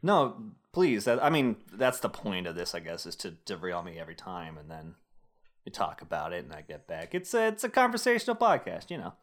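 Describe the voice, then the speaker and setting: A man's voice: deep voice, huge pitch swings, fairly quick, fairly bright tone. A young man hosting a casual podcast, recapping a film with rambling filler-heavy asides and jokes. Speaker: podcast host summarizing a film. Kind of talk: casual chat.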